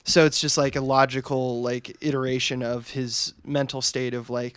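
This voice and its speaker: Relaxed rambling young man, smooth voice. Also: mid-range voice, a little slow, hardly any pauses, no room sound. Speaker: podcast co-host. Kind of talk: casual film discussion.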